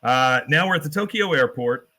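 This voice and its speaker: A man's voice: a little high, moderate pace. A man hosting a podcast, casually retelling a cartoon episode, laughing and swearing as he goes. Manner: animated retelling, quotes characters in put-on voices, swears, laughs. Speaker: podcast host recapping an episode. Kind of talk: casual chat.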